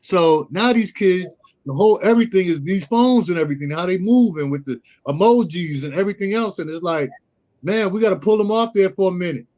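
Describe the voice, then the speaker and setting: High-voiced middle-aged man telling stories. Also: expressive, fairly quick, darkish tone, highs cut off. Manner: storytelling, acts out quoted dialogue. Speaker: guest, youth mentor. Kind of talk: casual conversational interview.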